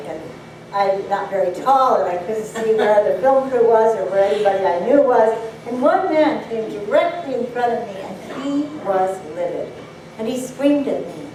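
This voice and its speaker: A woman giving a public address, telling stories in an earnest, measured way, recorded from far off in an echoey hall. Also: a little high, lively intonation, dark tone, a little hiss or hum. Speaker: speaker. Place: banquet hall.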